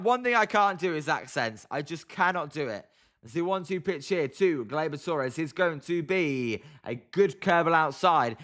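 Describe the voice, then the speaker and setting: A man's voice: on the high side, a bit bright. A British man hosting a casual live baseball watch-along, chatting with viewers between calls of the play. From Britain. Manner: chatty, answers viewer chat messages. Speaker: livestream host.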